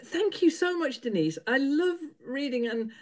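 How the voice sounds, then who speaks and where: A woman's voice: high voice, expressive, unhurried, darkish tone. A middle-aged woman, chatting casually with live viewers while she sews, laughing often. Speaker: livestream host.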